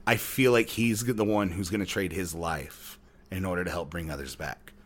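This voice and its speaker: A man's voice: sits low, normal speed. Chatty man telling rambling stories. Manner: rambling, animated storytelling with frequent restarts. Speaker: podcast co-host. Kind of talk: casual chat.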